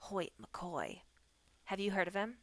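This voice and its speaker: A woman's voice: medium pitch, moderate pace, pushed and bright, dry recording. A woman reading aloud, voicing a cheeky young boy who teases and tries to scare, in a playful, mock-sinister way. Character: cheeky, teasing young boy who likes scaring others.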